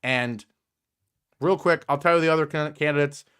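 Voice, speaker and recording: A man's voice: fairly high pitch, normal speed, a bit bright, clean tone. A young man hosting a sports podcast, reading out viewer comments and ranting in frustration, his voice climbing when he gets worked up. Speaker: podcast host.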